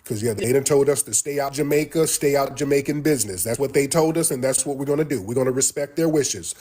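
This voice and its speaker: A man's voice: medium pitch, brisk, dark tone. A man talking on a livestream clip, blunt and dismissive, repeating himself as he answers. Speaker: livestream host. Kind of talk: livestream commentary.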